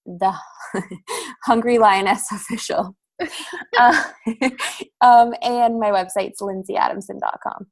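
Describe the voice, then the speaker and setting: A woman's voice: medium pitch, slow pace, long pauses. A young woman guest on a podcast, upbeat and giggly in casual chat.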